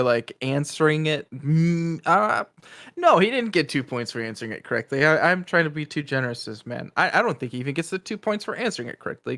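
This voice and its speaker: A man's voice: a little high, a bit bright. Rambling, laugh-prone man co-hosting. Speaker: co-host. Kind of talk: casual podcast chat.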